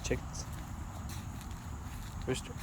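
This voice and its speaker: A man's voice: very slow, background noise. A man giving a casual walking tour of his farm outdoors, chatty and easygoing, now and then talking to his animals. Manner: chatty, talks to the animals in a higher coaxing voice. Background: geese honking and farm animals.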